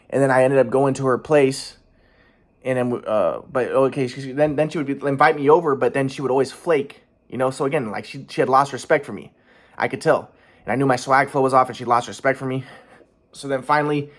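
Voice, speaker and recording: Fast-talking man, rambling and restarting. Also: medium pitch. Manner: repetitive, stumbling restarts, frank and profane. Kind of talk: rambling personal vlog monologue.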